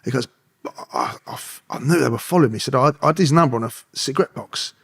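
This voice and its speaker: A man's voice: mid-range voice, very fast, gravelly, a bit bright, breathy edge. A middle-aged man, telling his story casually, swearing constantly, laughing and acting out what people said.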